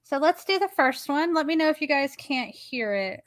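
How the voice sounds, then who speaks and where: A woman's voice: high-pitched, expressive, normal speed, dry recording. A woman co-hosting a casual chat show, giggly and affectionate. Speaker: podcast co-host.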